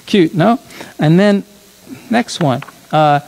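A man's voice: fairly high pitch, animated, takes it slowly, creaky, pauses often, a little mellow, low-quality recording. A man leading a congregation in a chatty, reflective sermon, often correcting himself mid-phrase. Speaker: congregation leader.

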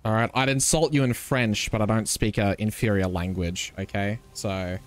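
A man giving loud, joking live commentary as he plays a game, swearing and teasing his chat. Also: on the low side, normal speed, few pauses, a little hiss or hum. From Australia. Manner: excitable, swears freely, teasing banter with chat. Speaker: streamer.

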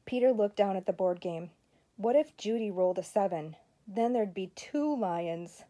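Mellow older woman reading a story. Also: mid-range voice, expressive, normal speed. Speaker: grandmother reading to grandchildren. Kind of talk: children's story read-aloud.

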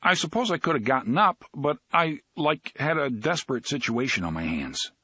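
A man's voice: mid-range voice, very animated, moderate pace, bright, forceful tone, breathy edge, no room sound, clean studio sound, pitched above the performer's own voice, full character voice. A male narrator voicing a cocky young man who talks in a glib, joking, falsely innocent way in an audiobook. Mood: smug joking. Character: cocky young man, smug wisecracking joker.

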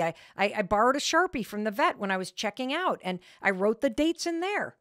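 A woman hosting a motivational podcast, telling a story about herself in an animated, candid way. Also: on the high side, moderate pace, dry recording, clean studio sound. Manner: animated storytelling with frank candor. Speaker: podcast host.

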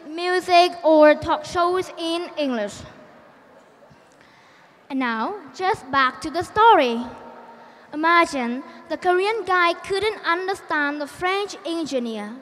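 A young woman from Vietnam with a Vietnamese accent gives a prepared contest speech. She tells a story in a measured, deliberate way and poses questions to the audience. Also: very high voice, lively intonation, fairly bright tone, long reverb tail, a little hiss or hum.

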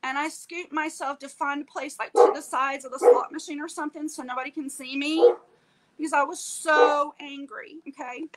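Woman, slightly high voice, emotional storyteller on a chat show who acts out the quotes. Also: normal speed, very noisy. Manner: animated, acts out quoted dialogue, tags lines with "okay?". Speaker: guest telling her story.

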